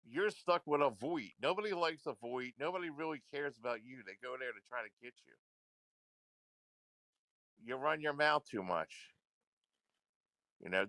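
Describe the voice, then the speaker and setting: A man's voice: on the high side, pushed and bright, dry recording. A man ranting into a livestream, confrontational and repetitive, swearing often. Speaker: livestream commentator.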